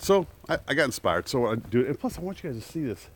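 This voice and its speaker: Animated and quick, a man with a medium-pitched voice broadcasts live from a walk in a wooded park, speaking casually into a camera on a selfie stick. He keeps laughing and chatting, joking about the danger nearby.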